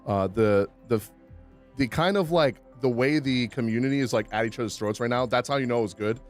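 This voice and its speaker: A man's voice: medium pitch, fairly quick, faint music behind. A man from Boston with a Boston accent, a podcast guest talking in a laid-back way with many fillers. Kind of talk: casual podcast chat.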